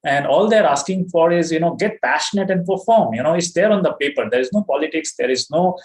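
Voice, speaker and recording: A man's voice: fairly high pitch, lively intonation, quick pace. A middle-aged man with an Indian accent giving an earnest, emphatic motivational talk to his business team, often saying "you know". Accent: Indian English. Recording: roomy echo.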